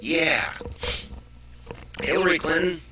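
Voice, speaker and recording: A man's voice: on the high side, slow, background noise. Profane, irritated man ranting. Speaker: host. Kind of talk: live political commentary.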